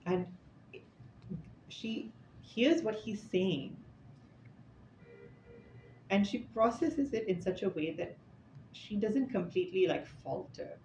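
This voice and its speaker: This man speaks in a high, darkish voice with lively intonation, taking it slowly with creaky phonation and long pauses. He's delivering an informal scripture talk in an indoor room with an audience, telling stories chattily with casual asides. The recording is echoey and slightly dull, with faint noise.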